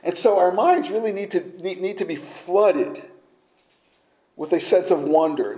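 Slow, emphatic male preacher. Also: sits high, darkish tone, low-quality recording. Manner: slow, emphatic preaching with dramatic drops to near-whisper. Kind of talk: sermon.

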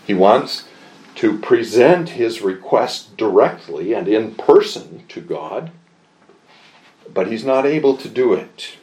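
A man gives an expository Bible lesson at an unhurried, measured pace, pausing often and filling gaps with a soft "uh." His voice sits fairly low, and he leans into the scripture he quotes with extra weight. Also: lively intonation. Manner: measured and deliberate, with pauses and "uh" fillers. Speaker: Bible teacher.

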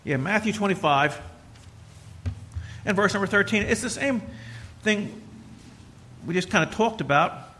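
Middle-aged preacher, bright forceful tone, tells folksy stories, preaches with emphasis. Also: male voice, sits high, a little slow, long pauses. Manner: conversational, storytelling, builds to emphatic preaching. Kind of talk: folksy sermon with personal stories.

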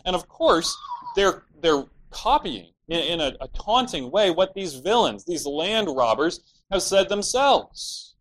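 A man's voice: sits high, sing-song, unhurried, fairly bright tone, poor audio. A man preaching an expository sermon, explaining scripture earnestly and at times voicing the villains' laments in a mocking tone.

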